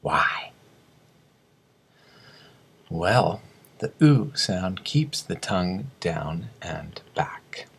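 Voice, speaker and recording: A man teaching English pronunciation, reading slow word drills and explaining sounds. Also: low voice, very animated, creaky, slightly rough. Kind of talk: scripted lesson narration.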